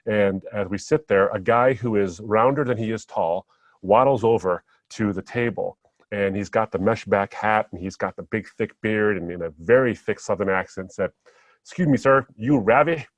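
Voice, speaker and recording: Low, dry-voiced man telling stories. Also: moderate pace, no echo. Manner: reflective, anecdotal storytelling. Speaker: ministry speaker, guest. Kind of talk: podcast conversation.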